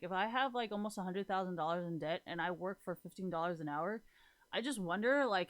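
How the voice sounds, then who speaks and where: A woman's voice: lowish voice, a bit bright. A young woman in her twenties venting frankly to her viewers, profane and exasperated, rambling and correcting herself. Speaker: vlogger. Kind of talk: casual venting monologue.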